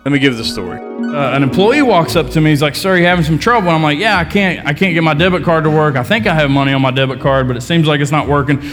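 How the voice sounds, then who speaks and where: A man's voice: on the high side, fast talker, soft background music. A man co-hosting a casual chat, telling a story and acting out the people in it. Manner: animated storyteller, acts out quoted people. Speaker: podcast co-host.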